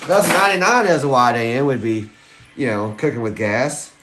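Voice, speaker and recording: A man, hosting a live stream and chatting excitedly with viewers. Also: mid-range voice, background noise. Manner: excitable, giddy, chats to viewers. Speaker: livestream host hunting coins. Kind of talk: casual live-stream chat.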